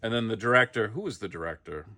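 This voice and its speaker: Middle-aged man, comic anecdote, animated delivery with a bright voice, dry close sound. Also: on the low side, quick pace, no room sound. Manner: lively, comic storytelling with acted-out quotes. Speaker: actor telling a behind-the-scenes story. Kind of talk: casual anecdote.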